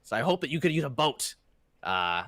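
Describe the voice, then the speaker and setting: A man's voice: medium pitch, sing-song, a bit bright, no echo, voice pushed up. A man doing a chatty dwarf foreman. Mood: folksy. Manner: rambling, halting with fillers. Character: gruff male dwarf foreman, chatty and folksy.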